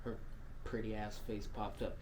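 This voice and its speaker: A man co-hosting a podcast in crude casual chat, cursing and laughing often, swinging between loud and soft. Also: on the low side, little pitch movement, normal speed, slight background noise. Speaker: podcast co-host.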